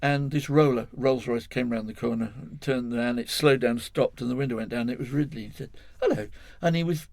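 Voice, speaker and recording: A man's voice: medium pitch, a little fast, vocal fry, hardly any pauses, a little mellow, no room sound. An older man from England, a guest in an interview, telling a long story in a rambling, self-correcting way, chuckling as he goes.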